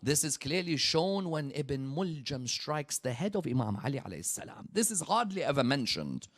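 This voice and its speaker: A man preaching a sermon, telling the story dramatically and swinging from hushed passages to loud, rising peaks. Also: fairly high pitch, very animated, moderate pace. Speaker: preacher at a religious gathering.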